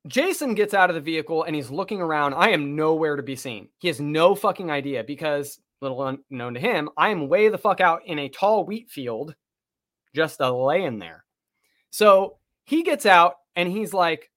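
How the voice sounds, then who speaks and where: A man telling a story in casual chat, animated, swearing freely and acting out what people said. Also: a little high, moderate pace. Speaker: podcast guest telling a story.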